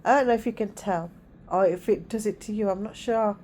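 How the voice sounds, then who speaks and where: A middle-aged woman and mother talking casually in a home vlog, with a calm, soothing way of speaking. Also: mid-range voice, a little fast. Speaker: vlogger and mother.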